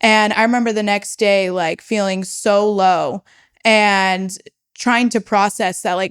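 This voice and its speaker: A woman's voice: medium pitch, fairly even intonation, unhurried, clean tone. A young woman telling her personal story as a podcast guest, frank and swearing freely as she relives it. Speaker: podcast guest, startup founder.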